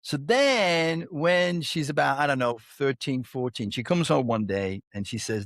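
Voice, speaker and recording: A man's voice: a little high, expressive, measured pace, few pauses, a bit bright, dry recording, studio quality. A man hosting a podcast, telling stories in a casual, rambling way, laughing often and tagging "right?" onto his sentences. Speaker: podcast host. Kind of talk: casual storytelling chat.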